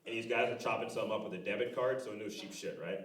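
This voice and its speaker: A man in his thirties doing a stand-up comedy set on a live club stage, animated and loud with shouted impressions. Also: lowish voice, rapid-fire. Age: 30s. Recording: echoey room, voice from a distance. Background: audience laughter.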